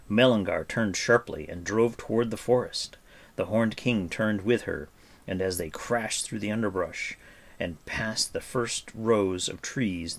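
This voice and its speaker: A man narrating a storybook with a steady, expressive reading. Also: lowish voice, creaky.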